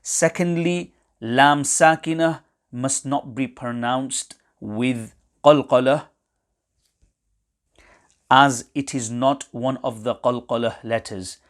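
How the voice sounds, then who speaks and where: Man, recitation teacher, slow lesson, measured, precise, mid-pitched. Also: steady tone. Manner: measured and precise, pausing between phrases. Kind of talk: slow, deliberate instructional explanation.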